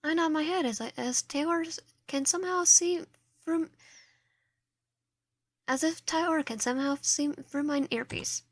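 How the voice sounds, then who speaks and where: A woman's voice: high-pitched, moderate pace, pauses often, no echo. A woman streamer reading a visual novel aloud, narration and player lines, often stumbling and restarting. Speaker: game streamer.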